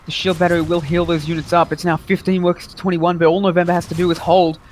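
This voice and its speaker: Excited male esports play-by-play caster. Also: a little high, fast talker, slight background noise. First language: English. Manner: energetic play-by-play, excited at big moments. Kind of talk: live game commentary.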